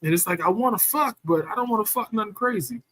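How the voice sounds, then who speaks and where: A man's voice: high-pitched, quick pace, a bit bright, no room sound. A man telling a rambling, profane story in casual chat, often asking "you know what I'm saying".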